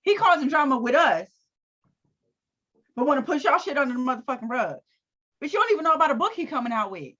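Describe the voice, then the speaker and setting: A woman with a high, lively voice co-hosts a reality TV recap. Her banter is loud, profane and full of laughter. Her audio sounds a bit dull and lo-fi. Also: quick pace, long pauses. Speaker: co-host of a TV recap show. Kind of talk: casual reality TV recap chat.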